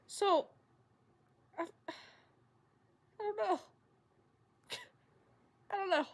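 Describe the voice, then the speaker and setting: A young woman streamer rambling through a story while she plays a game, full of "like" fillers and sudden excited jumps in tone. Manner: animated, jumps into high excited tones. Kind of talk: casual storytelling while gaming.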